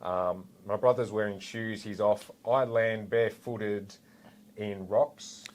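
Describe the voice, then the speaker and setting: Australian man with a low voice. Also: slow. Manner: animated, rambling with fillers and asides. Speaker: guest, former police officer. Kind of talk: casual storytelling anecdote.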